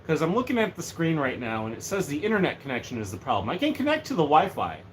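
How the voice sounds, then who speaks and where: A man's voice: on the high side, quick pace. A man chatting casually and jokily on a livestream from a room at home, rambling from one thing to the next. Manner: rambling, joking, animated. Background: faint heater hum.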